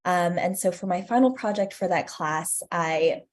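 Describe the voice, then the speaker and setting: A woman in her twenties answering interview questions earnestly and reflectively, with frequent ums, her sentences trailing off softly. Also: on the low side, measured pace. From United States. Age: 20s. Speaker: guest, student curator.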